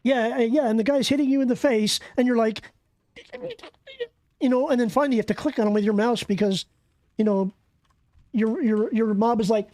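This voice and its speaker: A streamer giving excitable, profane live commentary while playing a game and bantering with viewers. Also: medium pitch, brisk, long pauses, dry recording. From Canada.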